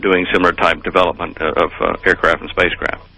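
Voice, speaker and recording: A man's voice: deep voice, level tone, quick pace, bright, forceful tone, poor audio. An older man telling his story in an interview, rambling and hesitant with many fillers. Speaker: interview guest.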